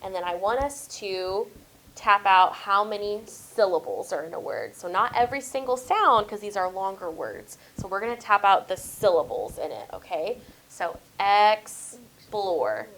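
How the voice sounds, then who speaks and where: A woman's voice: medium pitch, expressive, fairly bright tone, poor audio. A woman teacher, leading a small-group spelling lesson and thinking aloud as she models each word. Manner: slow, drawn-out modeling of words and sounds. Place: classroom.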